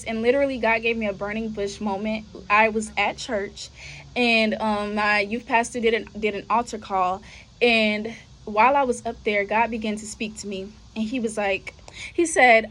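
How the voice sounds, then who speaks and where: A woman's voice: on the high side, fairly even intonation, normal speed, fairly bright tone. A young woman hosting a podcast, telling her faith testimony in a casual, conversational way and often addressing listeners as y'all. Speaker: podcast host.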